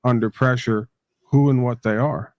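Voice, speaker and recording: A man talks things through in a measured, reflective tone during a casual chat. His voice is mid-pitched. The recording is dry and close. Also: fairly even intonation, darkish tone, no room sound. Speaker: podcast co-host.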